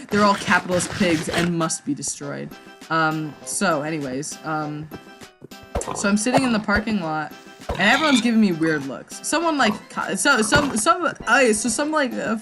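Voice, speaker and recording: A young woman with a slightly low voice tells a meandering story, tripping over repeated words and restarts. She swears casually and keeps circling back. Music plays clearly under her voice. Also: animated, moderate pace. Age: young adult. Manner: rambling, self-interrupting, stammers and swears. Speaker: gaming vlogger. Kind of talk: rambling let's-play storytelling.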